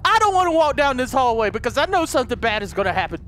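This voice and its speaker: High-pitched jumpy gamer man. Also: animated, very fast, a bit bright, slight background noise. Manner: jumpy, swears and shrieks when startled. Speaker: gaming video host. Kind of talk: let's play commentary. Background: horror game music.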